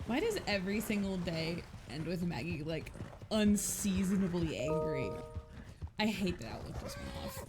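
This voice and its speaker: A woman's voice: lowish voice, lively intonation, normal speed, music in the background. A woman streaming a roleplay game, venting in profane, frustrated rambling. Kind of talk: live gameplay roleplay stream.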